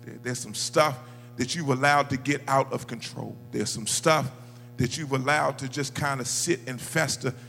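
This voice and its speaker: A male preacher delivering a sermon, telling a story quietly, then rising into shouted, sung calls. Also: medium pitch, steady tone, normal speed, creaky, big-room sound, faint music behind. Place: church sanctuary.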